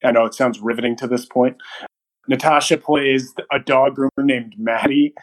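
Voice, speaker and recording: A young man chats loosely through a movie review on a podcast. He laughs a lot and puts on little voices for quoted lines, and his voice sits at an ordinary middle pitch. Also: normal speed, rough recording. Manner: animated storyteller, acts out quotes, laughs often. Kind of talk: casual chat.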